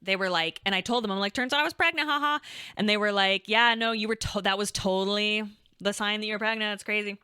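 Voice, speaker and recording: Young woman podcast co-host, casual storyteller, bright and smooth, close and dry. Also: medium pitch, fast, no room sound. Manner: animated, chatty, swears freely, acts out quotes.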